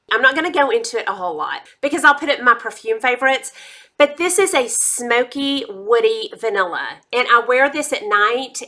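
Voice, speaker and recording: A woman's voice: a little high, sharp tone. A middle-aged woman, chatting casually about her monthly favorites with enthusiastic asides. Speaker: beauty and lifestyle vlogger.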